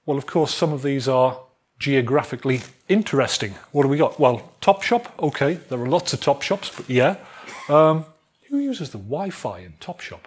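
A man lecturing a student society on wifi security in a jovial, animated way, acting out phones calling for networks. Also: medium pitch, normal speed, slightly rough. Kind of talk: technical talk to a student society.

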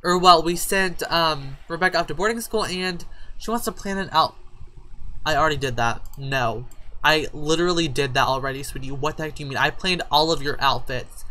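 A woman's voice: low voice, moderate pace, pushed and bright. A woman giving casual gameplay commentary, chatting and scolding her game characters like a parent. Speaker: gaming YouTuber. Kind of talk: casual life-sim let's play commentary.

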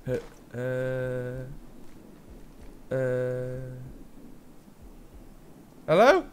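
Young guy narrating his game, chatty, lots of surprised outbursts, normal pitch. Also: lively intonation, a little hiss or hum. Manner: chatty, easily surprised, quick exclamations and laughs. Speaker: gaming YouTuber. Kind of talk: live gameplay commentary.

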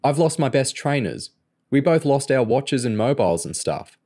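A man's voice: mid-range voice, sing-song, normal speed, warm tone, voice pushed up. A man voicing a nervous twelve-year-old boy, in a raised, anxious voice.

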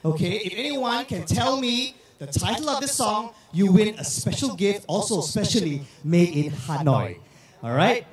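A man hosting a crowd game on stage with lots of energy, shouting and repeating words quickly over the crowd. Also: sits high, animated, recorded from a distance. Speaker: event host. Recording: echoey hall, heard from afar.

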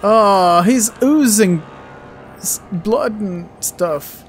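A man's voice: a little high, animated, normal speed, long pauses, soft background music. A man commentating his game playthrough, joking at the game and laughing often. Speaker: gaming channel host. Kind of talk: let's play commentary.

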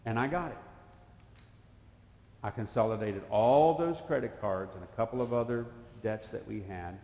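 A man's voice: lowish voice, moderate pace, a little mellow. A man in his fifties preaching a sermon in a church, telling a personal story in folksy speech that swells into emphatic bursts. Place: church sanctuary. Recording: echoey church hall.

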